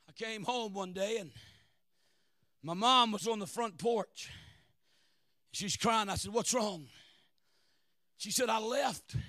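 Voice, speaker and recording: A middle-aged man preaching a sermon, shouting and chanting, calling for amens from the congregation. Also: sits high, dry recording.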